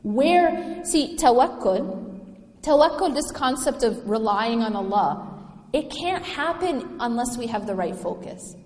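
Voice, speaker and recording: A woman's voice: fairly high pitch, lively intonation, a little slow, a little mellow. A woman giving a religious lecture to a live audience, engaging them with questions. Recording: echoey lecture hall.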